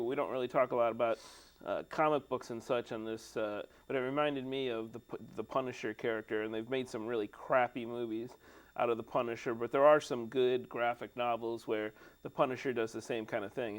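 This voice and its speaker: A man's voice: medium pitch, steady tone, brisk. A man co-hosting a studio show, chatting casually about a cult movie and laughing easily. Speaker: co-host of a movie discussion show. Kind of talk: casual chat about a film. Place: cable TV studio.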